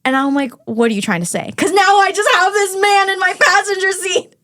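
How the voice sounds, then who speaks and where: A woman's voice: very high voice, brisk. A young woman, a podcast guest, telling a dating story in casual chat and acting out the quotes. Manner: animated, acts out quotes in storytelling.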